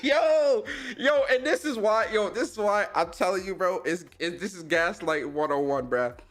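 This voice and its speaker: A man's voice: sits high, moderate pace. A young man hosting a podcast, reacting to clips in casual, slangy commentary and laughing often. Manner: animated, slangy, laughs a lot.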